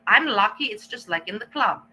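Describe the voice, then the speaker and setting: A woman's voice: mid-range voice, lively intonation, pushed and bright, slight background noise, poor audio. A woman vlogger ranting to her camera, blunt and defiant, cursing often and stalling as she hunts for words. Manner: halting, searches for words. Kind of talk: casual rant to camera.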